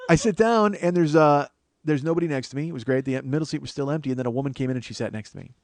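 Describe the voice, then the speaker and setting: A man's voice: on the high side, racing, darkish tone. A man, a comedian and podcast host, telling a profane, exasperated comic story.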